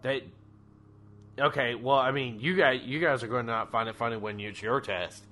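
A man's voice: medium pitch, steady tone, moderate pace, crowd noise. A man narrating as game master of a tabletop game, rambling and joking crudely between laughs.

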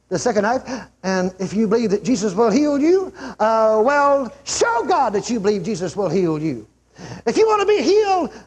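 An older man preaching a revival sermon to a large church crowd, telling stories emphatically and shouting out the lines he quotes. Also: high-pitched, husky. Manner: emphatic, shouts out quotes, acts out a healed man's yells.

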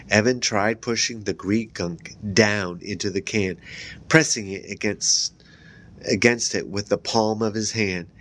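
A man reading a children's horror book aloud, raising his voice higher and louder for the characters' lines and dropping low for the narration tags. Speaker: book reader.

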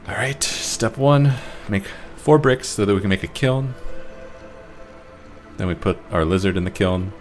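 A man with a very low voice talks his way through a strategy game, half to himself, dry and self-mocking. Faint game music and clacking keys sit under his voice at a home desk setup. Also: moderate pace, long pauses. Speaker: gameplay commentator. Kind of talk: casual let's-play commentary.

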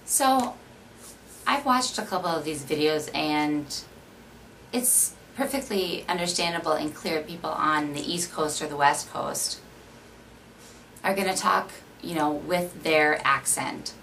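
Low-voiced woman vlogger with a Minnesota accent, rambling casual chat, faint background hiss. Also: animated, unhurried, fairly bright tone, distant mic, rough recording. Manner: chatty, rambling, many fillers. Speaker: beauty vlogger.

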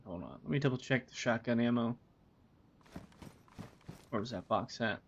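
Game streamer, male, gravelly, rambling and profane, dull lo-fi mic. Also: medium pitch, big pitch swings, moderate pace, long pauses, a little hiss or hum. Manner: rambling, swearing, talks to himself. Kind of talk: casual gameplay commentary. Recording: dull lo-fi recording.

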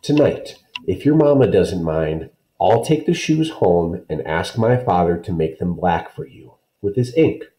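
A man's voice: sits low, expressive, unhurried, few pauses, mellow, echoey room, low-quality recording. A man voicing a kind, poised young girl in a storybook reading, talking in a sophisticated way. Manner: sophisticated, helpful. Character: ten-year-old girl Ellen, poised, kind.

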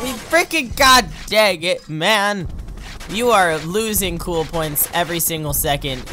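An excitable let's-play gamer with a bright, forceful voice. The talk runs playful, with yelps and laughs at each wipeout and jokes aimed at the characters on screen. A faint hiss sits under the home recording. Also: medium pitch. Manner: playful, talks to the game characters. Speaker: gaming channel host.

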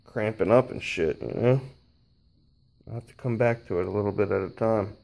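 A man's voice: fairly low pitch, normal speed, vocal fry, darkish tone. A man filming himself while he works on a car, talking casually, swearing and straining as he goes. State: strained from physical effort. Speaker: DIY car repair vlogger. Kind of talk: casual talk while working.

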